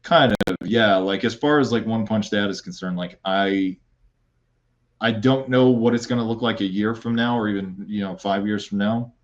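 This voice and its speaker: A man with a fairly low voice rambles casually as a podcast guest, trailing off and restarting his sentences. His tone is playful and easygoing. The recording sounds a little muffled and lo-fi. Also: normal speed. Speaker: guest, content creator.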